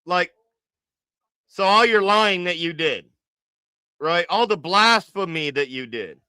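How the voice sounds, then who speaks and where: A man hosting a livestream, mocking and joking through his reaction commentary. His voice is high, bright and smooth, and he drawls his jokes out slowly. The sound is close and dry. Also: animated, no echo. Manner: teasing, joking, drawn-out repetition. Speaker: livestream host.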